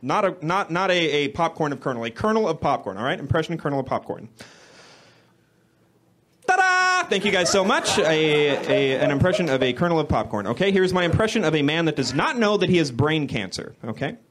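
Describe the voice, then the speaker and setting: Awkward deadpan young male comic. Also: on the high side, quick pace, few pauses. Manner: awkward deadpan, self-correcting, builds to shouting rants. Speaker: stand-up comedian. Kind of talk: stand-up comedy set. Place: comedy club stage. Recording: live club recording with crowd laughter.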